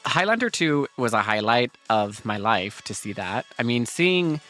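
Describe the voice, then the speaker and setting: Bright-voiced sarcastic podcast co-host, male. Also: medium pitch, sing-song, a little slow, faint music behind. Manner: dry, sarcastic, laughs through his lines. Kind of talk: casual chat.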